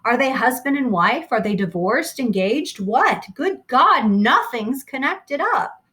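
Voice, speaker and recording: A woman's voice: high voice, animated, measured pace, bright, forceful tone, voice pushed up, heavily acted. A woman reading aloud, voicing a bewildered adult man who fires off exasperated questions.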